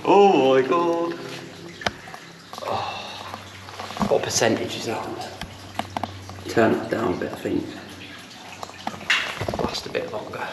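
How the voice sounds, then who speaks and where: Excitable man in a wet mine. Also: fairly low pitch, a little slow, long pauses, far from the mic. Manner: excitable, exclaiming, chatty. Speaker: adventure vlogger. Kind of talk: casual exploring vlog. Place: inside a wet underground mine. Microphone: action camera. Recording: running water noise, cave echo. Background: running and dripping water.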